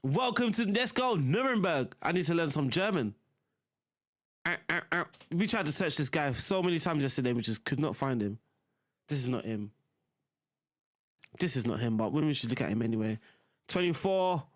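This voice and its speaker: A man's voice: a little high, lively intonation, moderate pace, long pauses. A young man live-streaming a football management game, chatting casually to his viewers as he plays. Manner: chatty, talks to chat while playing.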